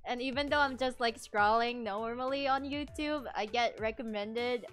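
A woman VTuber chatting casually on a livestream, animated and giggly, rambling with lots of fillers. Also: a little high, normal speed, faint music behind. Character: princess from another world. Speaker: VTuber streamer.

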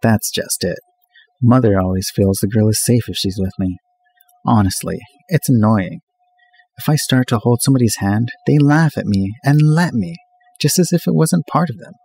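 A man's voice: lowish voice, normal speed, gravelly, a little mellow, slight background noise. A man voicing an easygoing young male college student, wry and a bit impatient, in a raised voice.

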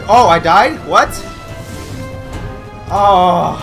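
A young man hosting a gaming channel, giving excitable live commentary with yelps and repeated cries of no. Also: high-pitched, a little slow, soft background music.

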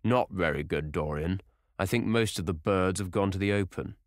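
A man doing a brusque, shouting country squire. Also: deep voice, moderate pace, no room sound, clean studio sound, natural voice. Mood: easygoing. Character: hot-tempered aristocratic male shooting host.

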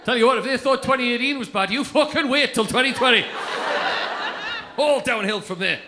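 A man doing live stand-up, brash and sweary, telling stories quickly. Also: very high voice, noisy background. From England. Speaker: stand-up comedian. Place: comedy club stage with laughing audience.

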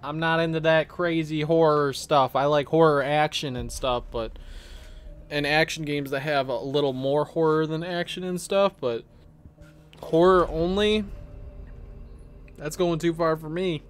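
A man's voice: on the high side, steady tone, smooth, soft background music. A sleepy man streaming a live reaction to a game showcase, thinking aloud and trailing off mid-sentence. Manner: thinks aloud, drowsy and unhurried, trailing off and restarting. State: sleepy, yawning. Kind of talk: casual live reaction commentary.

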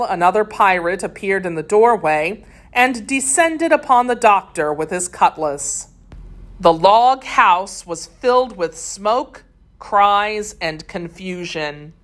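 Woman narrator for a kids' adventure read-aloud; slow, steady, expressive. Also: mid-range voice. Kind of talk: reading a children's story aloud.

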